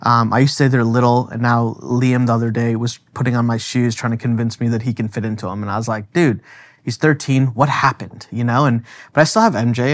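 A man speaking as theologian co-host in a podcast discussion, animated and emphatic, with frequent filler words. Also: mid-range voice.

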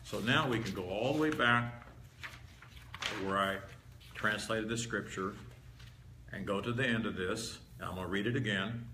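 A man's voice: fairly low pitch, moderate pace, long pauses, bright, forceful tone. A man preaching a teaching sermon to a live audience, conversational and emphatic, leaning hard on repeated key words. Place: meeting hall with a live audience. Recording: roomy hall echo, faint background hiss.

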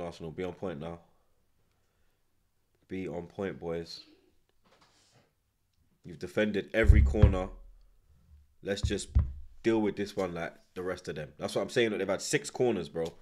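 A man's voice: low-pitched, moderate pace, long pauses. A man giving live reaction commentary as a football watchalong host, swearing heavily and barking short, repeated commands. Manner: swears heavily and shouts in frustration.

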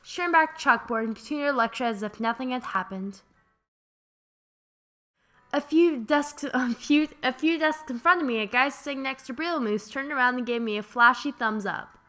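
Bright, high-voiced young woman. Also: moderate pace. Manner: animated, laughing, swearing, playful voice acting. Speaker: let's play host. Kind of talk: reading a visual novel aloud with joking asides.

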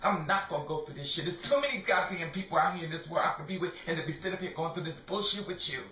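A man puts on a furious, jealous woman who tears into a cheating partner in a comedy sketch. The voice is high, bright and sharp, full of profane, sassy, repetitive scolding. It is heard in a dull, roomy recording from some distance away. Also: rapid-fire, a little hiss or hum.

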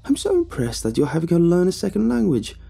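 A man's voice: sits high, wildly swooping pitch, fast talker, vocal fry, dark tone, breathy edge, pitched above the performer's own voice, full character voice. Man voicing a refined society lady. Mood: genteel. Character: refined, curious society lady, middle-aged.

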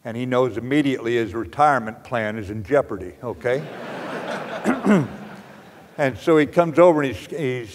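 An older man with an American accent, a retired general giving a storytelling lecture with plainspoken, blunt anecdotes and dry humor. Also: mid-range voice. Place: lecture hall. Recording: lecture hall with long reverb.

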